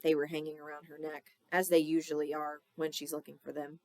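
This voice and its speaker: A woman teacher reads a children's story aloud, with a low, gravelly voice. The sound is dry and close, and she acts out the dialogue with lively character voices. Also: brisk, no room sound.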